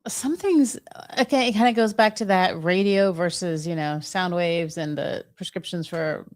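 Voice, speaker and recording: Low-voiced chatty woman co-host. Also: moderate pace. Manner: chatty, fillers like "like" and "you know". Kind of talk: casual live Q&A chat.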